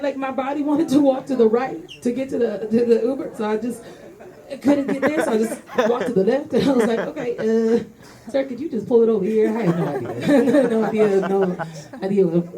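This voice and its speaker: A woman's voice: on the high side, a little fast. A young woman doing a loose, rambling stand-up set in a comedy club, often laughing between lines. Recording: live club recording with crowd laughter.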